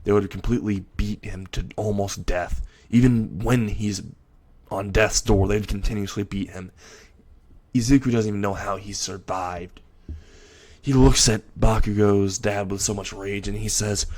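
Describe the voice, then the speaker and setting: A man casually improvising a dark fan story narration with blunt, crude wording. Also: on the low side, fairly even intonation, unhurried.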